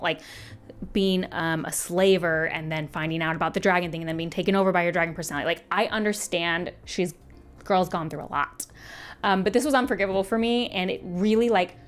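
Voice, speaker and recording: Woman, book reviewer, casual monologue, emotional, restarts and fillers, mid pitch.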